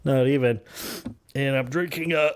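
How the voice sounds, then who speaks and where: A man's voice: medium pitch, fairly even intonation, normal speed, smooth. A man co-hosting a casual podcast chat, rambling and laughing often at his own jokes. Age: adult parent. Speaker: podcast co-host.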